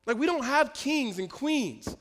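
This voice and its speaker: A male pastor telling a personal story in a sermon, in a lively storytelling manner with quick restarts. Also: very high voice. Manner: storytelling, animated, self-interrupting with laughs. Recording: long hall reverb.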